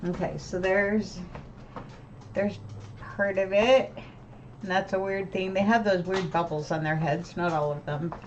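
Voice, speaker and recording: At home, a weary woman rambles to camera in a medium-pitched voice with fairly even intonation, speaking a little slowly with long pauses. Her casual vent is full of restarts and tag questions like "right?" The lo-fi audio sounds dull and carries slight hiss or hum.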